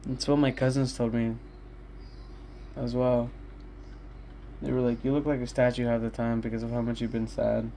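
A man's voice: medium pitch, little pitch movement, moderate pace, gravelly, long pauses, warm tone, a little hiss or hum. A young man in his own room, rambling candidly and swearing often in a casual solo talk to his listeners. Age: young adult. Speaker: podcast host.

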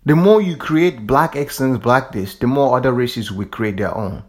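A man's voice: medium pitch, moderate pace. A man from Africa giving a fervent, repetitive monologue, swearing casually as he preaches. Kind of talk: impassioned monologue.

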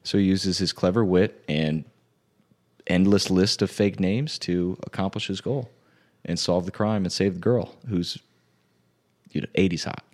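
A man's voice: low voice, unhurried, a little mellow. A man co-hosting a podcast, talking loosely with many fillers. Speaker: podcast co-host. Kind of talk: casual podcast chat.

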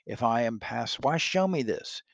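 A man's voice: medium pitch, animated, a little slow, creaky, dry recording, lo-fi sound. A man voicing a frightened old miser who pleads and cries out in a strained, rising voice. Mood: desperate pleading.

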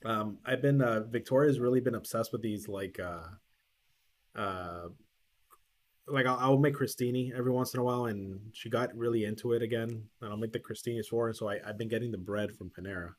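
A man's voice: mid-range voice, fairly quick. A man co-hosting a podcast, telling a long anecdote in casual chat, with lots of restarts and acted-out quotes. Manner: rambling storyteller, lots of restarts and quoted dialogue. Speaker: podcast co-host.

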